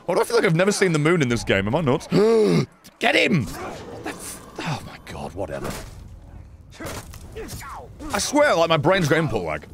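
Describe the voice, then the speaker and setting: A man giving excitable, sarcastic commentary over his own gameplay, often swearing. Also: on the high side, vocal fry, slight background noise. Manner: excitable, sarcastic, swearing, frequent yelps and laughs. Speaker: gaming channel host.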